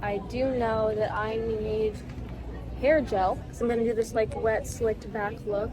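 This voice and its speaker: A woman's voice: on the high side, flat delivery, measured pace. A young woman from Nashville, telling stories in a chatty, wry vlog with lots of fillers. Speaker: vlogger. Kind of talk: casual vlog storytelling.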